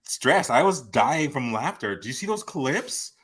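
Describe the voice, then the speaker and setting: Brief: young male podcast co-host, relaxed chatter, bright tone. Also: medium pitch, husky. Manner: easygoing, laughs a lot, drawn-out fillers. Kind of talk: casual chat.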